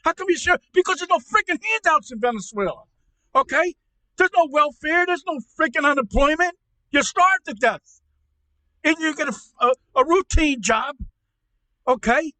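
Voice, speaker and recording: A man doing a shrill furious uncle. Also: dry recording. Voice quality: shouty, profane, stammering. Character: furious ranting middle-aged male uncle. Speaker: podcast co-host. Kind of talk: comedic rant.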